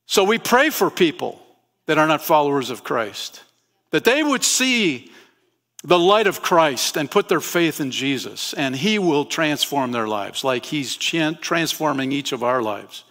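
Man, pastor, gravelly voice, conversational sermon, questions to the congregation, church. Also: on the high side, sing-song, a little slow, a bit bright. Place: church sanctuary.

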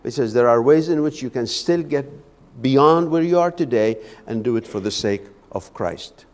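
A man's voice: mid-range voice, moderate pace, darkish tone. A man preaching a Sunday evening sermon in a church, fervent and often repeating his words as he goes. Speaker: lay preacher. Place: church sanctuary. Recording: echoey church hall.

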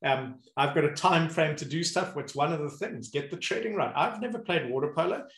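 A man hosting a casual conversation as a movement coach, telling animated stories and acting out the people he describes. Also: fairly high pitch, fairly quick. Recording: roomy echo.

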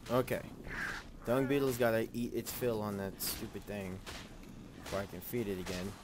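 A man's voice: fairly low pitch, normal speed, over music. A man giving casual gameplay commentary, chatting goofily to the creatures he tames. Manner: goofy, talks to the creature, silly sing-song bits. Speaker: gameplay host.

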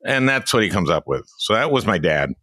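Older man, podcast host, wry storyteller, low-pitched, very animated, dry close sound. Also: brisk, no echo. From Minnesota. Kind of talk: casual chat.

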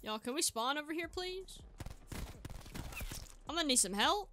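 A woman narrates her own gameplay with an excitable, chatty energy, breaking into yelps and shouts. Her voice sits high and swoops widely between highs and lows, with a bright, sharp edge. She pokes fun at herself as she plays. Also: moderate pace, slight background noise. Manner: chatty, self-mocking. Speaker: gaming channel host. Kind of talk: live gameplay commentary.

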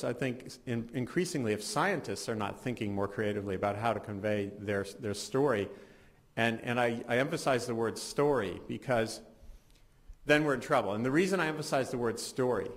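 Middle-aged male journalist, mid-range voice, casual symposium speaker, self-correcting, dry humor. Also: mid-range voice. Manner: conversational, restarts often, wry asides. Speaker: science journalist. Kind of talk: conference talk. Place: symposium hall.

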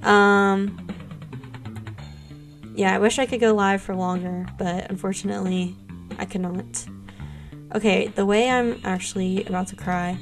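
Her voice is medium-pitched and steady, a little slow with frequent pauses, as this young woman plays a game on stream and gushes thanks to viewers in a bubbly, casual way. Soft music plays in the background.

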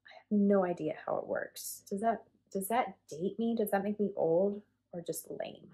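A woman's voice: mid-range voice, normal speed, dark tone. A woman in her forties chatting casually to camera as a cross stitch vlogger, rambling and self-deprecating with lots of fillers.

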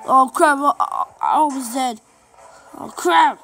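A high-pitched woman narrates her gameplay in an excitable, sing-song way, chanting short phrases over and over. Her delivery is unhurried, with a gravelly edge to the voice, and faint game music plays behind her. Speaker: gameplay commentator. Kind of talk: let's play commentary.

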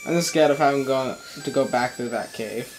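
A man's voice: medium pitch, fairly quick, slight background noise, low-quality recording. A man joking around as co-host during a game playthrough, chatting casually. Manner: joking, goofy bits. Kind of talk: casual chat while gaming. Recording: faint game music behind.

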